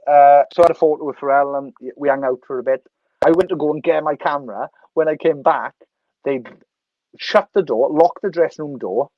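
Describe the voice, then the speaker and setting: A Welsh man in his thirties telling an animated, sweary story as a podcast guest. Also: mid-range voice, no echo, dull audio. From Wales. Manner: animated, sweary, laughs through anecdotes. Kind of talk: casual storytelling.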